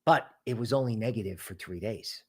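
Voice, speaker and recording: A man hosting a casual crypto market stream, talking in an animated, rambling way full of asides. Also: lowish voice, a little fast. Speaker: crypto market show host.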